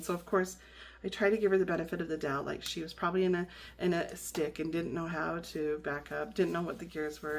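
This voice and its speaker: A woman's voice: low voice, creaky, slight background noise. A woman vlogger chatting in a rambling way with lots of fillers and restarts while she decorates her planner. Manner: rambling, many fillers and restarts, laughs often.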